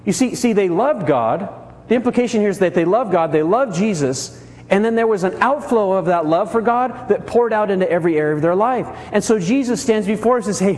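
A male pastor preaching with a high, very lively voice that swings up and down as he acts out each character. His sermon rings through a large church hall with a long reverb. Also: a little fast. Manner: animated storytelling, acts out characters.

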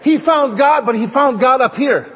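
Husky preacher guy, kinda high voice, big echoey church hall, jokes around a lot. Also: normal speed. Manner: animated, joking storyteller with the congregation. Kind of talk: sermon.

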